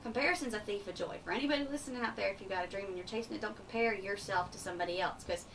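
A woman's voice: mid-range voice, gravelly, a bit bright. A young woman with a light Eastern Kentucky accent, speaking earnestly and upbeat as a radio interview guest. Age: young adult. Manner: earnest, upbeat, quick to laugh. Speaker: pageant titleholder guest. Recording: distant mic with faint background noise.

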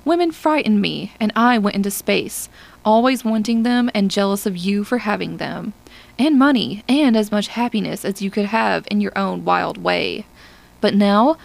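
A woman's voice: on the high side, vocal fry, a little mellow, low-quality recording. A woman voicing Hollis, a bitter, envious male spaceman who is dying, with pleading speech that rises to cries.

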